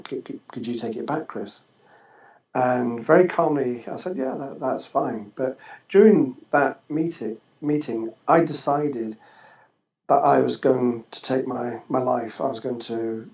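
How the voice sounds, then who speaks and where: A man, a former social worker, telling a personal story in an interview, halting and restarting often. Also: mid-range voice, gravelly, darkish tone. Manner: halting, with frequent restarts and fillers. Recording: echoey, slightly dull podcast audio.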